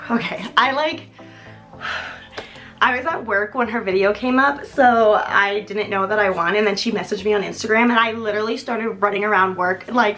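A young woman talking casually in an unboxing vlog, gushing and giggly, breaking into excited squeals. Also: a little high, normal speed, faint music behind. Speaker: vlogger.

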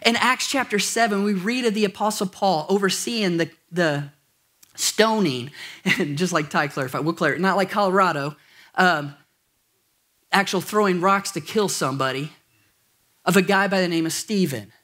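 A man's voice: high-pitched, normal speed, sharp tone. A pastor preaching a sermon to his congregation, conversational and jokey, with asides and questions to the room. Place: church auditorium.

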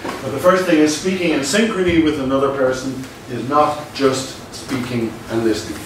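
A male lecturer giving a university lecture, measured and explanatory, stressing his key points. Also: mid-range voice. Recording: very echoey room from a distant mic with faint noise.

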